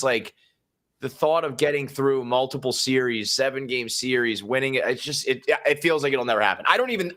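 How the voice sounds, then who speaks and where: Bright-voiced, self-mocking male co-host. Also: mid-range voice. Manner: self-mocking, profane rant. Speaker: podcast co-host. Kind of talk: casual chat.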